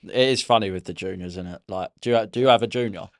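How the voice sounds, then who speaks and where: A man hosting a podcast, easygoing and quick to agree and laugh along. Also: low-pitched, no room sound, studio quality. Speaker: podcast host, barber. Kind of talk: casual chat.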